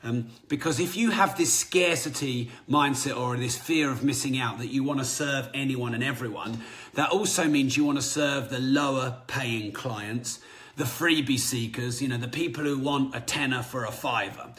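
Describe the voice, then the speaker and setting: Energetic man hosting a podcast. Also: mid-range voice, moderate pace. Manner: energetic, conversational, self-correcting. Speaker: podcast host. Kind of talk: motivational business talk.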